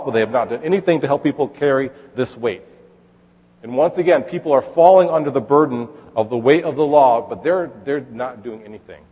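A man's voice: mid-range voice, brisk, warm tone, breathy edge, in a large hall, lo-fi sound. A man preaching a sermon in a casual, conversational way, reading scripture aloud and then explaining it. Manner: conversational, with fillers and restarts, reads scripture aloud. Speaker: pastor.

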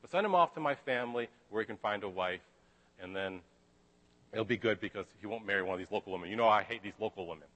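A man voicing a scheming mother persuading her husband, fast and in his own voice. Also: on the low side, fairly bright tone, voice pushed down. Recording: reverberant hall.

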